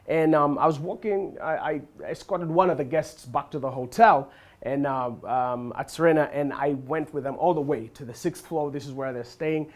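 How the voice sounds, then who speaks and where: A man doing stand-up comedy, telling a story in an animated way, with halting fillers and laughter in his voice. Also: on the high side. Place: comedy venue with a live audience. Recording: crowd laughter and noise.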